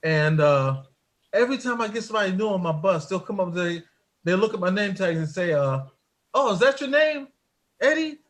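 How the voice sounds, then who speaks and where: A man's voice: high voice, fairly quick. A man who drives an airport shuttle bus, telling jokey work stories in casual chat and laughing often at his own wordplay.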